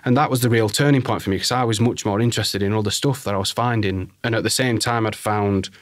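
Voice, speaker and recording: A low-voiced man with a Yorkshire accent talks bluntly as a guest, swearing freely and acting out voices in his stories. The sound is dry and close, with no room around it. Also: fast, no echo. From Barnsley, England. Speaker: guest designer. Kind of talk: casual interview chat.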